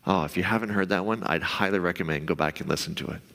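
A man with a fairly low voice preaches to his church in a loose, conversational way. He sometimes jumps into a higher, insistent voice to act out thoughts. The sound rings with the long reverb of a large hall. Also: fast, gravelly, a bit bright. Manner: conversational, acts out inner voices in a raised pitch. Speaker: pastor. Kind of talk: sermon.

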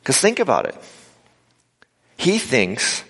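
A man's voice: on the low side, animated, moderate pace, long pauses, fairly bright tone. A man preaching an informal sermon to a live audience, acting out quotes and making humorous asides. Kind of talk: conversational sermon. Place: large hall with a live audience. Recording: live sermon in a reverberant hall.

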